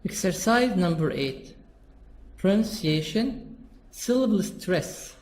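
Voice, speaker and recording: A teacher explaining English pronunciation slowly, with lots of repetition. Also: medium pitch, lively intonation, a little mellow. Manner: slow, repetitive and patient. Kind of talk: classroom explanation.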